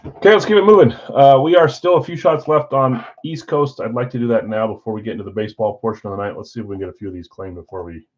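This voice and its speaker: A man with a medium-pitched voice talks fast while hosting a live stream card break, chatting casually and thinking aloud as he opens packs. The stream audio is dull and lo-fi.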